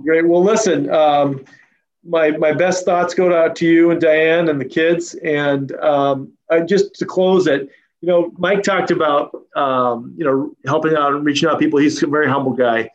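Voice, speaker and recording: A man's voice: on the high side, steady tone, normal speed, highs cut off. Rambling man hosting a podcast. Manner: warm, rambling, many restarts and fillers. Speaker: podcast host. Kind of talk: casual interview chat.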